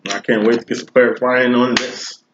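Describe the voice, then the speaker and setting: A man's voice: medium pitch, little pitch movement, brisk, a little hiss or hum. A man giving a casual tarot reading, talking straight to the viewer in slangy, profane, conversational speech. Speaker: tarot reader. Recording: roomy, dull lo-fi recording.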